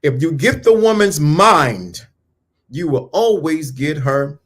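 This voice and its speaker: Man, motivational talk, preacher-like, repeats himself for emphasis, slangy, a bit high-pitched. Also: expressive, slow pace, a bit bright. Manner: emphatic, repeats lines, asks the listener questions; casual slang, calls listeners brother. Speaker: speaker on mindset and dating.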